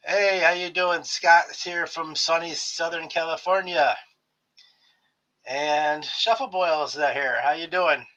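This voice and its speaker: Bright-voiced man chatting on a live stream. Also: fairly high pitch, fairly even intonation, takes it slowly. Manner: friendly, greets viewers by name, jokey. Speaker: streamer hosting a live book haul. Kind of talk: casual live-stream chat. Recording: slightly dull lo-fi stream audio.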